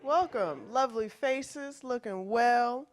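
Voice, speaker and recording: A woman's voice: fairly high pitch, takes it slowly. Chatty woman comic. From Chicago. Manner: chatty, greeting the crowd. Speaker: stand-up comedian. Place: comedy stage.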